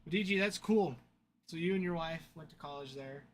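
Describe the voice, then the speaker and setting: A young man talks casually while running a card-opening livestream, chatting and thanking viewers. His voice sits a bit high. A faint hum of room sound stays behind him. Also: a little fast. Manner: chatty storyteller, laughs often, thanks viewers. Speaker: card break livestream host.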